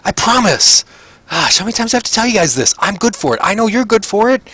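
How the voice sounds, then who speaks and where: A man voicing a small scheming male deep gnome gambler who wheedles and insists. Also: very animated, fast, pushed and bright, slightly rough, no room sound, full character voice. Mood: insistent.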